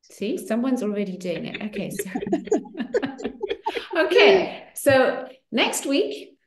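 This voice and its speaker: A woman hosting an online circle, coaching listeners warmly through affirmations with animated, encouraging delivery. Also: on the high side, slow, reverberant, noisy background. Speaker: host of a women's money circle. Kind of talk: coaching talk to an online group.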